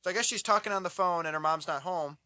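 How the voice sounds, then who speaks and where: A young man co-hosting a casual podcast, telling a horror movie plot in a profane, animated way and acting out yelling at the screen. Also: high voice, quick pace. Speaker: podcast co-host. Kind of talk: casual movie review chat.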